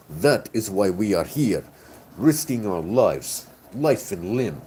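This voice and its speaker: A man's voice: deep voice, mellow, slight background noise, rough recording. A tipsy man voicing a gritty male scavenger who hunts artifacts in a forbidden zone, speaking in a grandiose, declamatory way.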